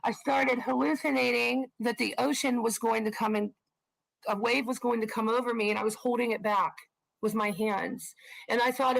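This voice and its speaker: A woman co-hosting a live stream, telling frank, animated personal stories and swearing for emphasis. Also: fairly high pitch, normal speed, gravelly, poor audio. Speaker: co-host of a live stream channel. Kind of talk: casual storytelling on a live stream.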